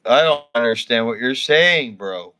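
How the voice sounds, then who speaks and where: Man streamer ranting with bright voice. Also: mid-range voice, expressive, a little slow, clean tone. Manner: swearing, ranting at a viewer; mumbling and reluctant at first. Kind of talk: live stream chat with viewers.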